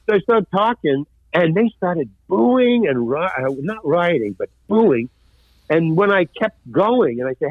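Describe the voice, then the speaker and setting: An older man, a former stand-up comic, telling lively anecdotes in an interview and acting out the voices of people he quotes. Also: sits high, moderate pace, dry recording. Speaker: guest, actor and former stand-up comedian. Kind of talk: storytelling interview. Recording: dry, tinny phone-like line.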